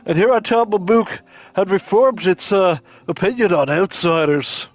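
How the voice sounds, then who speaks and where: A man's voice: high voice, animated, normal speed, no echo. A man voicing a laid-back male hunter as a drawling surfer dude in a game playthrough. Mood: easygoing.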